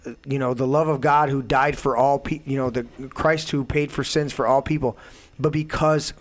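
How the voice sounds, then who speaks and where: Man, mid-pitched, profane heated rant, emphatic, gets loud. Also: steady tone, normal speed. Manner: profane, emphatic, swings to shouting. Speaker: show host.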